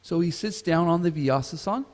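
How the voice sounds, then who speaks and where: A man's voice: on the high side, moderate pace. Man retelling a scripture story. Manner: asks the audience questions. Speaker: class speaker at a temple. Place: temple hall. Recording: reverberant temple hall.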